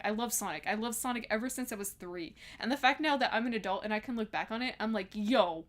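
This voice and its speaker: A woman's voice: fairly high pitch, lively intonation, quick pace, few pauses, a bit bright. A twenty-two-year-old woman ranting heatedly and casually as a livestreamer, swearing often and laughing between lines. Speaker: streamer reading chat.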